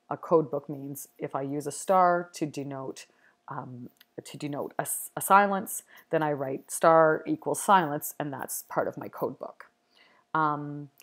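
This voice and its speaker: A woman giving a recorded university video lecture, thoughtful and explanatory, with frequent ums and restarts. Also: sits low.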